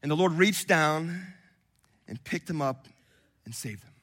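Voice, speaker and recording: A man in his thirties preaching a sermon to a congregation, swinging from quiet and intimate to loud and impassioned. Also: fairly high pitch, lively intonation, unhurried. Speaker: pastor. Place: church hall with congregation.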